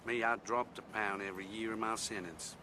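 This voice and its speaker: An actor playing a menacing middle-aged ex-convict, speaking in a put-on Southern drawl in a taunting way. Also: male voice, on the low side, steady tone, a little fast, noisy background, natural voice.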